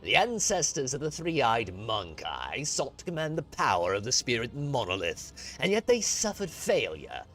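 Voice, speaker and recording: A man voicing an ancient alien Harlequin mystic in a low, hushed, grave voice, reading a game aloud. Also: huge pitch swings, normal speed, hardly any pauses, faint music behind.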